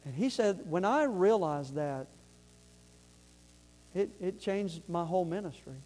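A man's voice: sits high, expressive, a little slow, darkish tone. A man preaching a fervent sermon, repeating words and asking the congregation if they follow.

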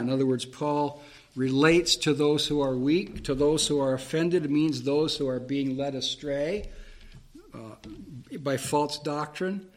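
A man's voice: on the high side, a little slow. Man explaining scripture in a sermon. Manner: reads scripture aloud, then explains it plainly with fillers and restarts. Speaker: preacher. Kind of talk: Bible teaching sermon.

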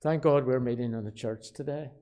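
A man with a Belfast accent preaching a sermon, shifting from quiet asides to loud, emphatic declarations and repeating key phrases. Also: medium pitch, a little fast. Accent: Northern Irish, Belfast. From Northern Ireland. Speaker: pastor.

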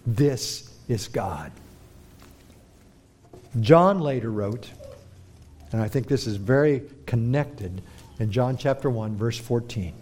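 Male preacher, mid-range voice, dramatic sermon delivery with hushed lows and forceful peaks. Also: a little slow. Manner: dramatic, swings between hushed and forceful emphasis.

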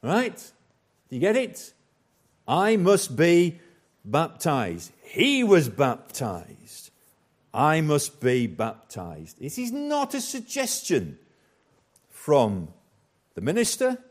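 A man preaching a sermon as pastor, slow and emphatic, with dramatic pauses and repetition. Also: a little high, wildly swooping pitch.

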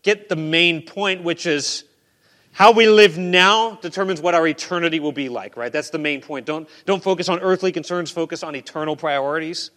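A man preaching a sermon in a conversational way, dropping to quiet asides and rising to loud emphasis. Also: a little high, moderate pace. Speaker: pastor.

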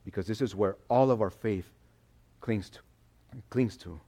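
A man preaching a sermon in a conversational, animated way, acting out quotes as he goes. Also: fairly low pitch, a little slow. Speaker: pastor.

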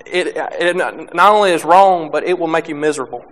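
A young man preaching a sermon, halting with many restarts and fillers, reading scripture and speaking plainly about faith. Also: fairly high pitch, a bit bright.

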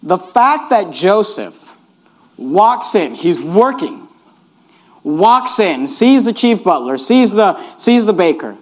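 A male pastor delivers a sermon in an animated way, reading scripture aloud and repeating his points. His voice sits high for a man and swings widely between soft asides and loud bursts. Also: takes it slowly. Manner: animated and repetitive, keeps urging "notice".

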